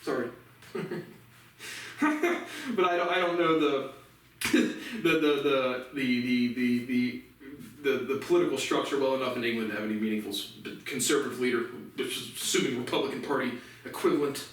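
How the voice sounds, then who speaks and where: A man's voice: medium pitch, brisk. Sarcastic, cussing man in echoey room. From United States. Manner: profane, sarcastic ranting with laughs. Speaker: commentary show host. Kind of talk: casual news commentary. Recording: echoey room, mic far off.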